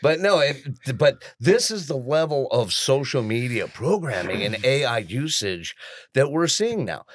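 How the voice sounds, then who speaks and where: Lively, animated male podcast storyteller. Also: medium pitch, a little slow, no room sound, clean studio sound. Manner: animated, self-mocking storyteller who laughs often. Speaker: podcast co-host. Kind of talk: casual storytelling chat.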